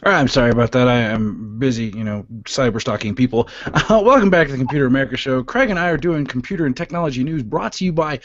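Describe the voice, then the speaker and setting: A man hosting a technology radio show with jokey, casual talk and quick sponsor reads. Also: medium pitch, expressive, dry recording, lo-fi sound. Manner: jokey, laughing, fast ad reads.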